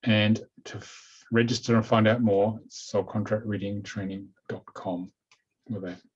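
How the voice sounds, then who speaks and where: A man with a New Zealand accent hosting a webinar over a video call, chatty and relaxed. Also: fairly low pitch, measured pace, breathy edge. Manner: relaxed, chatty, says "okay" a lot. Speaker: webinar host. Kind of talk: casual webinar talk. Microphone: computer mic on a video call. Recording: dull lo-fi video call audio.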